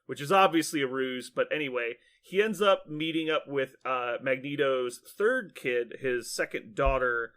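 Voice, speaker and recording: A man's voice: mid-range voice, moderate pace, hardly any pauses. A man on a podcast, casually retelling a cartoon plot with lots of fillers, acting out the characters' lines and laughing as he goes. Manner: animated storyteller, acts out lines, laughs often, many fillers. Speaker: podcast host.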